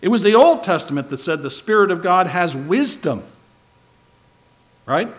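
A man preaching a sermon, his voice a touch higher than most men's. He leans hard on key words and swings between loud and soft to drive each point home, checking in with rhetorical questions. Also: lively intonation, moderate pace. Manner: emphatic, shifting loud and soft for stress; asks the listeners rhetorical questions.

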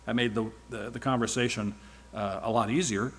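A man's voice: medium pitch, steady tone, normal speed, fairly bright tone, slightly rough. Rambling church speaker, a man. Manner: rambling, with wry asides. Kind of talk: informal sermon-style trip report.

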